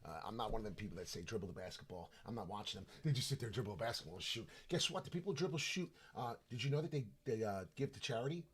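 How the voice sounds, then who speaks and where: A brash man with a New York accent, rambling excitedly on a live crypto chart stream, jumping between loud outbursts and low mutters. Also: very fast, few pauses, breathy edge. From New York / New Jersey. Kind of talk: casual live stream chat.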